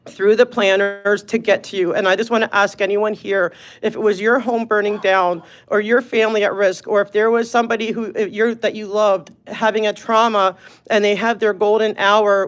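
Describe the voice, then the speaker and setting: A woman from Los Angeles giving an earnest public comment at a city meeting, choked up and pleading with the commissioners. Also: mid-range voice.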